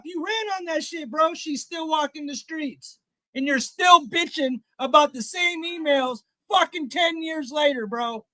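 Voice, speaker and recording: A man hosting a live stream, ranting in a heated, profane way and often shouting. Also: extremely high pitch, unhurried, no room sound. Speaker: livestream host. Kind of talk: profane live reaction rant.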